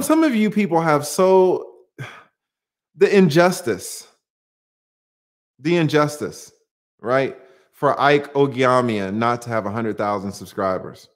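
A man hosting a casual livestream, talking in an animated, rambling way with many restarts. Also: medium pitch, slow pace, pauses often. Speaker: livestream host.

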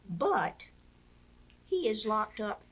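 A woman's voice: mid-range voice, very animated, drawn-out words, breathy edge. An older woman, telling stories in an interview and acting out the voices she quotes. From Mississippi. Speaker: interview guest, wife of a former POW. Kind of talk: storytelling in a conversational interview.

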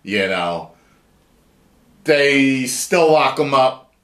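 Man, lively swooping pitch, rambling profane commentary, echoey room. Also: extremely slow. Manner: animated, profane, rambling, reads article aloud. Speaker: YouTube commentator. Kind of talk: excited reaction commentary. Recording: roomy echo.

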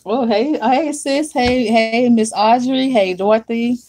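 A woman's voice: on the high side, a little slow, darkish tone, slight background noise. Chatty woman greeting viewers. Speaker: livestream host greeting viewers. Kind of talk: casual livestream chat. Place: home, at her makeup desk.

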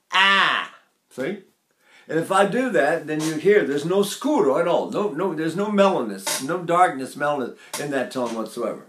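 A man's voice: a little high, reverberant. An older man teaching singing, talking to a class and breaking off into brief sung demonstrations. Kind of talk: vocal lesson with sung demonstrations.

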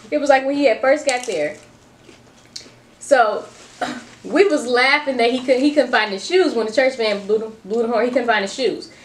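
A woman co-hosting a casual chat, telling an old family story with animated delivery and frequent laughter. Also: fairly high pitch, normal speed. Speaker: co-host. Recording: echoey room with faint noise.

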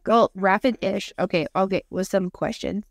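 A young adult woman co-hosting a podcast in casual chat, talking fast with lots of "like" and acting out quotes. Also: medium pitch, dry recording, studio quality. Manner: chatty, fillers like "like", acts out quotes. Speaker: podcast co-host.

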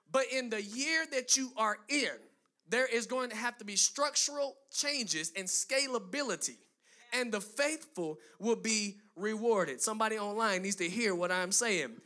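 A high-pitched man delivering a sermon in a bright, cutting tone. He builds emphatic runs of phrases, then turns to chatty asides aimed at his listeners. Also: a little slow. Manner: emphatic preaching with rising, driving lists; conversational asides to the congregation. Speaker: pastor.

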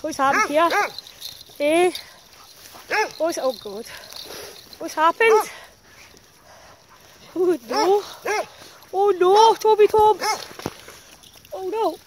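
High-voiced woman chatting to dogs outdoors. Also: extremely slow, pauses often. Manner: exclaiming, teasing, talks to the dogs. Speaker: professional dog walker. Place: muddy countryside outdoors. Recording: outdoor noise with barking dogs. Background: dogs barking.

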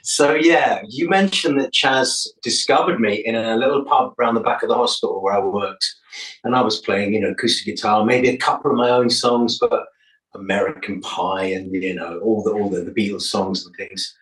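A man's voice: fairly low pitch, fairly even intonation, normal speed, fairly bright tone. An older man, a musician guest, telling stories in a chatty, jokey way during an interview. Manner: chatty, jokey storyteller, laughs often. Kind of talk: casual interview chat. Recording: roomy, from a distance.

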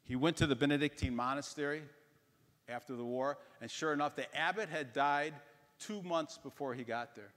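A man giving a parish mission talk, telling a story in an animated way and acting out the voices of the people in it. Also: fairly high pitch, moderate pace, long reverb tail. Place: church.

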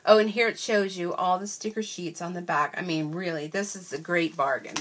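A woman's voice: lowish voice, fairly even intonation, brisk, few pauses, a little hiss or hum. An older woman and grandmother chatting casually as she unboxes craft stickers, gushing and exclaiming with gasps and little oohs. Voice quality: wears bifocals. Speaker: crafting vlogger.

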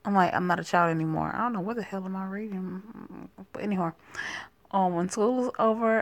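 A woman's voice: mid-range voice, moderate pace. A woman giving casual, joking commentary over a story game, with profane asides. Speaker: gaming channel host.

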